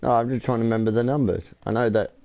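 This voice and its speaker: A man's voice: mid-range voice, steady tone, very fast, creaky, mellow. A man chatting casually with friends while playing a game, joking and teasing as he builds. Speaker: gaming channel host. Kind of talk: casual gaming chat with friends.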